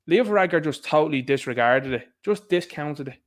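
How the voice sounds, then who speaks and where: Irish male commentator, higher-pitched, sarcastic and lively, casual solo rant. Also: brisk. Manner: animated, sarcastic, laughs at his own jokes. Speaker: political commentator. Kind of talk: casual political monologue.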